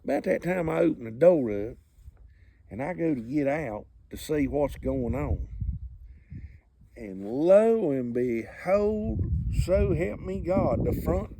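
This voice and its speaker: A man's voice: fairly high pitch, big pitch swings, slow, creaky, dark tone, a little hiss or hum. Man telling a redneck yarn. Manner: drawling, colorful rural sayings. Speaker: comedic storyteller. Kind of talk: folksy comic storytelling.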